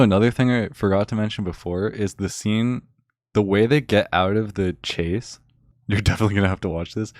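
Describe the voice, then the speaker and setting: A man's voice: deep voice, dry recording, studio quality. A man ranting casually and sarcastically to a friend, rambling with lots of filler words. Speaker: channel host.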